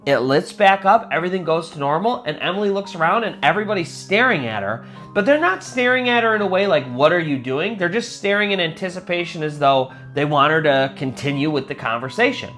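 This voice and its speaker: Casual male storyteller over soft music. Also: high voice, lively intonation, brisk. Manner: conversational, many fillers like "kind of" and "sort of".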